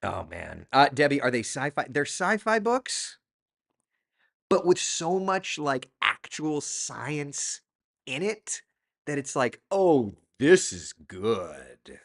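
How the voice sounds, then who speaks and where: Chatty man with a lively pitch. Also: slow, creaky. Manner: chatty, reads viewer comments aloud. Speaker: host. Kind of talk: casual live-stream chat.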